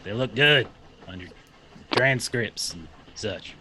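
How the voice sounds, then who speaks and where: Man playing gruff boastful brawler. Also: on the low side, expressive, slow, sharp tone, heavily acted. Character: brash young male ex-wrestler brawler.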